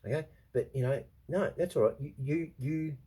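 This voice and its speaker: A vlogger talks straight to camera in a rambling personal monologue, swearing often and repeating himself emphatically as he defends his feelings. His voice is fairly high, warm, and husky at a normal speed, and he comes across as restless, defensive, and confiding.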